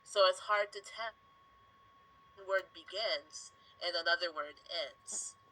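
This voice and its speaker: A woman's voice: lowish voice, unhurried, pushed and bright, low-quality recording. A woman English teacher patiently explaining to a student in a live online class. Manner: patient, explains clearly with examples.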